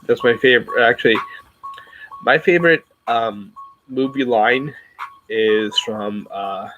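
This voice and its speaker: A man's voice: medium pitch, slow pace, lo-fi sound, music in the background. A man casually chatting to his viewers, rambling and self-reflective, with many fillers and restarts. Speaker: YouTuber talking to his viewers. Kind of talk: casual livestream chat.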